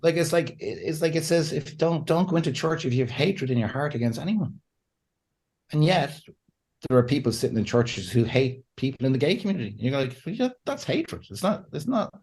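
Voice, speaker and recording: A man, a pastor and counselor, talking as a podcast guest in a lively way, often laughing and acting out what people say. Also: mid-range voice, a little fast. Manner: animated, laughs often, acts out quotes. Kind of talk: conversational podcast interview.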